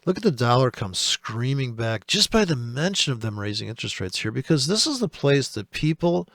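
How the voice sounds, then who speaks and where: A man's voice: medium pitch, sing-song, brisk, fairly bright tone, no room sound, studio quality. A man from the United States giving rambling, profane, sarcastic commentary on the markets as host of a trading channel.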